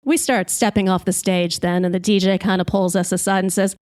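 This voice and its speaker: A woman podcast host telling a comic story in a lively, brash way, swearing freely. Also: mid-range voice, brisk, few pauses, no echo, studio quality.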